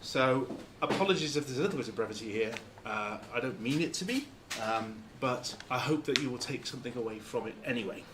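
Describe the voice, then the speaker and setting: A man from Lancashire giving an informal talk to a club, halting and full of fillers and restarts. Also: mid-range voice, background noise. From Lancashire, England. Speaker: guest speaker.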